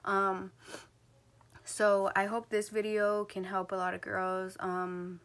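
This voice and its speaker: A woman's voice: medium pitch, monotone, slow, a bit bright, slight background noise. A woman in her late teens from New Jersey, telling a personal story to her camera in a casual vlog, with lots of "like" and "um" and restarts. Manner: rambling, filler-heavy talk, full of "like" and "um". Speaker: vlogger.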